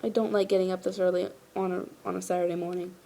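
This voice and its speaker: A woman gives a casual episode review. She sounds tired, and she rambles, leaning on "like" and "you know". Her voice is warm and mellow, never sharp. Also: on the low side, flat delivery, quick pace, gravelly.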